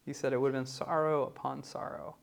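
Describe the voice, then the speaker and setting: A man preaching in a conversational teaching style, often pausing with "um" and asking "right?". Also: medium pitch, flat delivery, vocal fry. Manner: conversational, many ums and rhetorical "right?". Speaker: pastor teaching a class. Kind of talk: teaching sermon.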